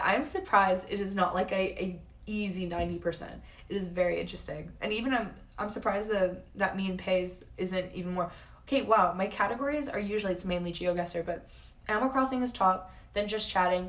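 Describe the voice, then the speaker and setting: A woman in her twenties chatting casually on a live stream, answering chat and swearing now and then. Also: mid-range voice. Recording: voice somewhat distant from the mic.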